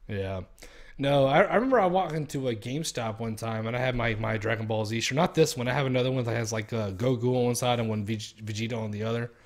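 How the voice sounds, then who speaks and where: A young man chats casually on stream, talking fast at medium pitch. He rambles, swears, and laughs at his own stories.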